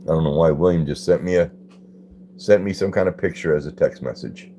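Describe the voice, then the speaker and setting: Man, deep and mellow, easygoing host reading viewer comments on a phone stream. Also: fairly quick, a little hiss or hum. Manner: laid-back, greets chatters by name and reads comments aloud. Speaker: livestream host. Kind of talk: casual livestream chat with viewers.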